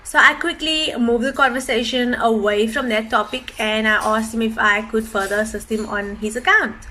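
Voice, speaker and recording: A South African woman recounting a work story in a plain, matter-of-fact tone. Her voice is bright and slightly higher than average. There is a faint hiss of ambience behind her. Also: fairly even intonation, normal speed. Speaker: customer service agent. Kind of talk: storytelling to camera.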